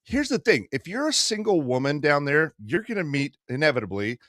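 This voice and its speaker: A man's voice: a little high, sing-song, brisk, fairly bright tone. A man in his fifties spins a profane travel story in a loose podcast chat. He acts out the people he quotes, and his voice rises and falls widely. The sound is dry and close, with no room echo. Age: 50s. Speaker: podcast host.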